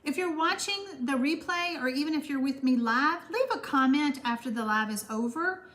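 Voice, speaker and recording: In an expressive voice that sits high, a Texan woman hosts her card-making live stream at a moderate pace. She reads viewer comments with warm, gushing enthusiasm, rambling and using many fillers.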